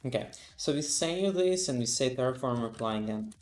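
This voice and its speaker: A sleepy man on a casual live stream talks through his work aloud, stopping on fillers and restarts. His voice sits at an everyday middle pitch and sounds roomy and echoey, with faint music under it. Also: animated, brisk. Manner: thinks aloud, reads docs aloud, frequent fillers. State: sleepy, yawning.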